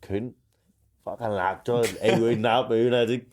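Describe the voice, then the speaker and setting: A man's voice: medium pitch, fairly even intonation, moderate pace, a little mellow, slight background noise. A man co-hosting a casual chat, swearing freely and laughing through his stories. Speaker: podcast co-host.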